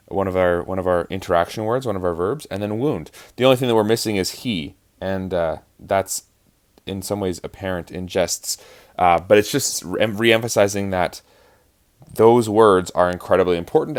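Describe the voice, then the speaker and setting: A man teaching actors about verse rhythm in a lecture, explaining patiently and counting out beats to show stress. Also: low voice. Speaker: acting teacher.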